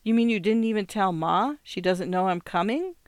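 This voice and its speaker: Give me a narrator playing an anxious young farm woman who talks in an earnest ramble, in a clear smooth voice. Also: medium pitch, normal speed, no echo, studio quality, lightly acted. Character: young married farm woman, nervous, pleading. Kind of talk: audiobook character reading.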